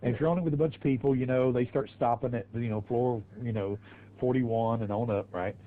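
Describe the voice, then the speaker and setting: A man's voice: mid-range voice, fairly even intonation, brisk, phone-quality sound. A man streaming a racing game, telling crude stories in a rambling, laughing way. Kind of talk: casual storytelling while gaming.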